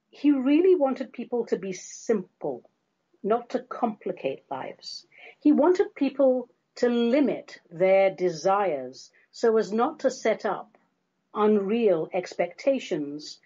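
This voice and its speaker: Middle-aged woman, podcast host, mellow and dry-witted, self-deprecating asides, on a somewhat dull recording. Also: mid-range voice, breathy edge. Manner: wry, self-mocking humor with playful asides. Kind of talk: chatty solo podcast monologue.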